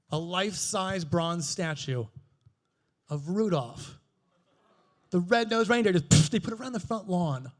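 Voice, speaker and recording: High-voiced man doing animated stand-up. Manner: animated, swearing, mimics voices with big pitch jumps. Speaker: stand-up comedian. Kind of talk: stand-up comedy set. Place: comedy stage before a live audience.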